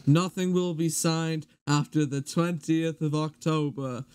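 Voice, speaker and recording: A man doing an impression of an aging male rock drummer, talking slowly and repeating sign-offs. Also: on the high side, fairly even intonation, a little mellow, smooth, lightly acted. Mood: solemn. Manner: slow, drawn-out, repetitive sign-offs.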